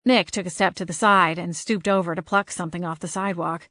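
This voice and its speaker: A woman narrating a cozy paranormal audiobook in the first person, lively with wry asides. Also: lowish voice, fast talker, no echo.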